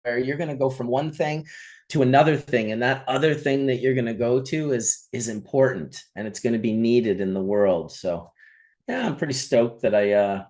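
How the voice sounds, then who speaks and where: A man's voice: mid-range voice, moderate pace. Swearing storyteller man. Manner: animated storyteller, swears freely. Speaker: podcast host. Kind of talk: casual storytelling chat.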